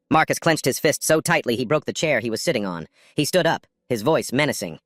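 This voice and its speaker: A man narrating a manhwa recap in a steady, scripted storytelling manner. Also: mid-range voice, brisk, few pauses, no room sound, clean studio sound. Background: faint music.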